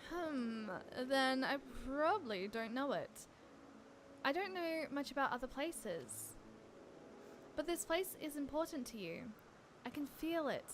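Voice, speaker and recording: A woman reading aloud the lines of a gentle, curious young girl-like creature in a game, in a soft, earnest, questioning way. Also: high-pitched, very animated, unhurried, slight background noise.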